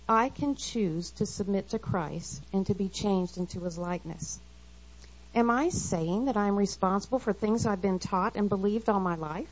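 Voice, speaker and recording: A woman's voice: medium pitch, normal speed. Earnest middle-aged woman, devotional talk. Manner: earnest, confessional, quotes scripture. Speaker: women's Bible study speaker. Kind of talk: devotional talk read aloud. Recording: slightly dull lo-fi recording.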